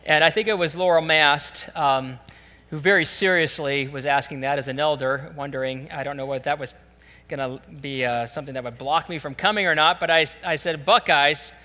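A man preaching a sermon in a relaxed, conversational storytelling way, with many fillers. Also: fairly high pitch, fairly quick, big-room sound. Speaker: pastor.

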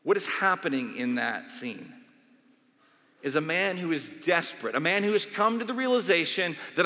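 A male pastor giving a sermon in a conversational, animated storytelling way, in a church sanctuary. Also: a little high, normal speed. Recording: long hall reverb.

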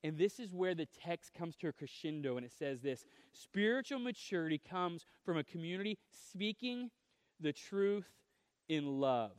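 A man's voice: a little high, expressive, moderate pace, smooth, dry recording, studio quality. A man preaching a sermon in an earnest, conversational way, often restarting phrases, with a voice he calls whiny. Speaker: pastor.

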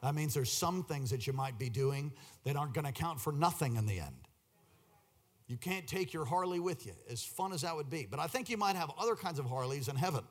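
A man preaching a charismatic sermon in church, moving from quiet storytelling to shouted call-and-response with the congregation. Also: a little high, animated, fairly quick.

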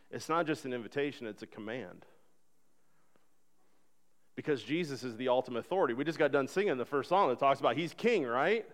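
Animated, conversational male pastor. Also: on the high side. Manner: animated and conversational, acting out dialogue. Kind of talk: sermon. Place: church sanctuary.

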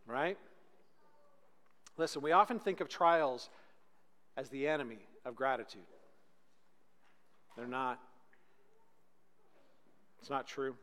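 A man preaching a sermon as pastor, swinging between loud emphatic peaks and hushed, slow lines. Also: mid-range voice, big-room sound.

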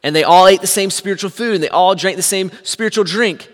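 A man preaching a sermon, telling the story with animated swings from hushed to shouting. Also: high-pitched, fast, in a large hall. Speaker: pastor.

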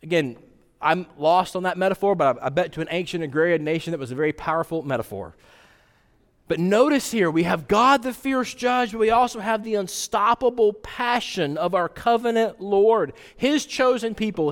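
A man with a fairly high voice preaches to his congregation, talking in a relaxed, conversational way and often checking in with a quick rhetorical question. His voice carries a long reverb, as if it fills a large church sanctuary. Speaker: pastor. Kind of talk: sermon.

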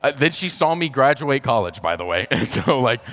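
A man's voice: medium pitch, sing-song, moderate pace, fairly bright tone. A young adult man preaching a casual sermon in a conversational way, with frequent "like" fillers. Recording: reverberant hall.

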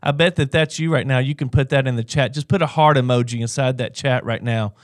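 A man's voice: mid-range voice, a little fast, dry recording, clean studio sound. A man co-hosting a Christian livestream, speaking earnestly and encouraging viewers to respond in the chat. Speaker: co-host of a faith livestream. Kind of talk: conversational Christian teaching.

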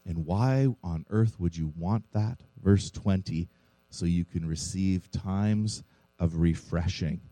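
Man, pastor, sermon, earnest rhetorical questions, mellow low voice, dry close sound. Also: takes it slowly, dry recording, poor audio.

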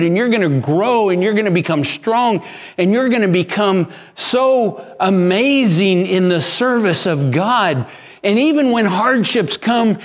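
A pastor preaching a sermon in an earnest, emphatic way, often restarting his sentences. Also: sits high.

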